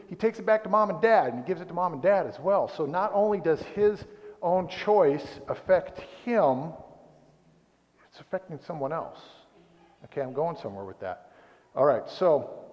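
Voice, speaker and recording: Guy preaching a sermon, chatty and rambly, dull muffled sound in a big echoey church. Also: a little high. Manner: rambling, conversational, self-interrupting. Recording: dull recording in a reverberant hall.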